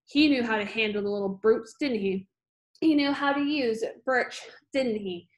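A woman's voice: on the high side, moderate pace, close to an everyday voice. A woman reading aloud, voicing a bullying, scornful headmistress with a harsh, barking manner.

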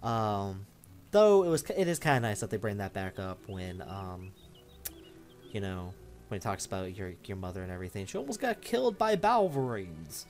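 A man's voice: lowish voice, big pitch swings, moderate pace, darkish tone. Crude, rambling young man gaming. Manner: rambling, crude, joking, mimics game lines. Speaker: let's play gamer. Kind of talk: casual gameplay commentary. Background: game audio and music.

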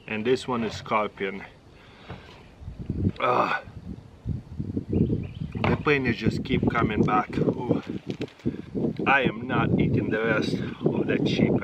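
Heavy background noise surrounds this channel host, a middle-aged native Russian speaker whose accent comes through clearly. He speaks in a mid-range voice, tossing out short exclamations as he chats through a casual taste-test vlog.

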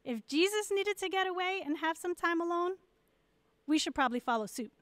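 Woman, church message to moms: high, clear voice, dry close sound, candid and encouraging. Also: expressive, brisk, fairly bright tone, no room sound. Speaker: pastor's wife.

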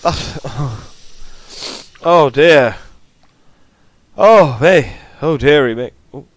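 A man's voice: a little high, lively intonation, drawn-out words, no echo. A man commentating a horror game as he plays, swearing and muttering, with jittery, frightened outbursts. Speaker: gaming YouTuber.

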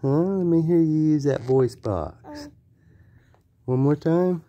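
A father in gentle, coaxing, sing-song baby talk with his infant. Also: on the high side, animated, takes it slowly.

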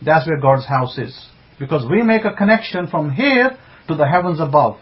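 A religious teacher with a slightly high, expressive voice delivers a Bible sermon at a moderate pace, captured in dull lo-fi sound. He is emphatic, using rhetorical questions and repeated phrases, and greets online listeners by name mid-talk.

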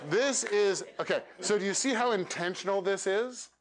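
A man coaching a meetup audience on pitches, animated and demonstrating lines with dramatic pauses. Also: background noise. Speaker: speaker coaching elevator pitches. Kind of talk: workshop coaching talk. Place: meetup room.

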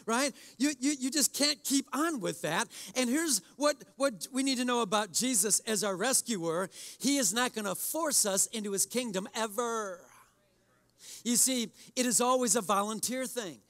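A man's voice: very high voice, a bit bright. A man preaching a sermon as pastor in a church service, exhorting in a conversational way and addressing the congregation directly.

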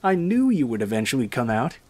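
A man's voice: medium pitch, big pitch swings, brisk, darkish tone. A man voicing a clingy young woman stalker in a childish baby voice within a horror story reading. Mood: creepy.

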